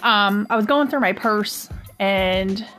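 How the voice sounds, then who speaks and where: A woman's voice: medium pitch, takes it slowly, fairly bright tone, soft background music. A woman hosting a podcast, telling a personal story in a casual, rambling way full of "um" and "like". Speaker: podcast host.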